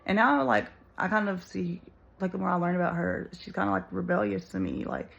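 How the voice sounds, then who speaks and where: A woman's voice: lowish voice, brisk, creaky, dull audio. A woman musing earnestly to viewers in a casual spoken reflection, searching for words with plenty of "like" and "you know.".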